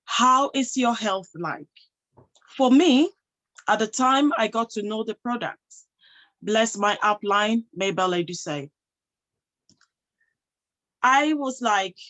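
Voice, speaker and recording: A woman's voice: on the high side, slow, long pauses, a bit bright, poor audio. A woman giving a motivational talk to an audience, emphatic, posing rhetorical questions and answering them herself. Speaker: motivational speaker and health professional.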